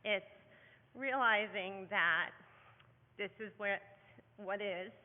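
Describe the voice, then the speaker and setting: A woman's voice: mid-range voice, takes it slowly. Woman giving an earnest talk in an echoey hall. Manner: earnest, frequent ums and restarts. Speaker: parent speaker at a heart-condition symposium. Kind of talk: conference talk. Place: conference hall. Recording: echoey hall over a thin phone-like line.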